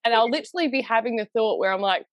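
A woman co-hosting a podcast in casual chat, animated and acting out the quotes she retells. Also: a little high, racing, dry recording, clean studio sound. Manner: animated, acts out quotes with laughs. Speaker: podcast co-host. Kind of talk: casual chat about a book.

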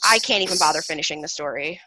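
A young woman co-hosting a casual book chat, expressive, asking questions and correcting herself as she goes. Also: sits low, quick pace, dry recording, rough recording. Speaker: podcast co-host. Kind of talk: casual chat about books.

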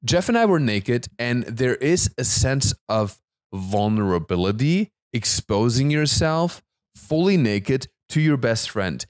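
A man's voice: medium pitch, big pitch swings, unhurried, no room sound, clean studio sound. A man in his thirties with a German accent, hosting a casual podcast, tipsy, playful and laughing often. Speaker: podcast host.

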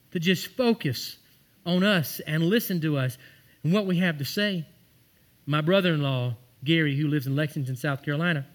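A man preaching a sermon, telling stories and building to emphatic scripture quotes. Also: fairly high pitch. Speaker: pastor.

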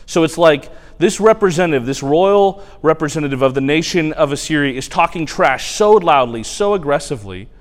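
A man preaching a sermon, retelling a scripture story in animated, colloquial language. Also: fairly high pitch, brisk, hardly any pauses. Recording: long hall reverb.

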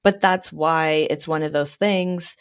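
Low-voiced woman recapping casually. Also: slow pace, clear, resonant tone. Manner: relaxed recapping, casual swearing. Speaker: podcast guest. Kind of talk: casual chat.

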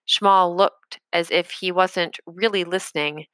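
Woman reading a story aloud, lowish bright voice, dry close mic. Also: fairly even intonation, measured pace, few pauses, dry recording. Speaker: audiobook narrator. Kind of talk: scripted narration.

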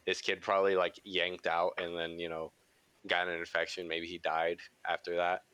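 A man with a somewhat low voice co-hosts a casual podcast, rambling through stories and swearing freely. He laughs often as he talks. The sound is dry and close, with no room echo. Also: completely flat delivery, normal speed, pushed and bright, clear, resonant tone. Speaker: podcast co-host. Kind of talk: casual chat.

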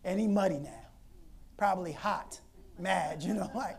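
A woman preacher telling a Bible story in an animated, conversational sermon, laughing often. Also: fairly low pitch, measured pace, gravelly, crowd noise.

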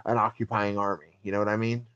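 A man's voice: lowish voice, level tone, fast talker, a bit bright, smooth, muffled recording. Teasing, argumentative male co-host. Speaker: podcast co-host. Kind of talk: casual podcast chat.

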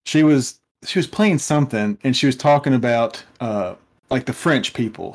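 A man co-hosting a podcast, telling rambling stories in casual chat with lots of restarts. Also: medium pitch. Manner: rambling, halting storyteller. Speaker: podcast co-host.

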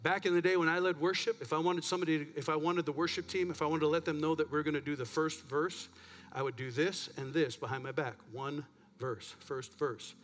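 A man's voice: on the high side, fairly even intonation, brisk, hardly any pauses, a bit bright. A man pastor preaching a sermon in a church, chatty and self-deprecating, a bit out of breath. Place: church sanctuary.

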